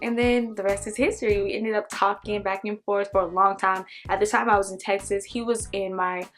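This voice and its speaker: A young woman from Oklahoma telling a storytime vlog, animated and acting out the voices. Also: medium pitch, fairly quick, faint music behind. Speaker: vlogger.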